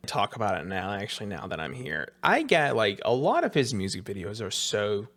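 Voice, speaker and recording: A man co-hosting a casual podcast chat, hoarse and losing his voice, rambling and hesitant and often clearing his throat. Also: fairly low pitch, sing-song, normal speed, a bit bright, slight background noise. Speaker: podcast co-host.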